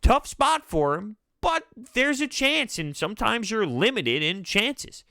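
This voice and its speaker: Animated, bright-voiced male sports vlogger. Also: high-pitched, a little slow, no room sound, studio quality. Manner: animated, exasperated, laughing through frustration. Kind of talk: fan reaction commentary.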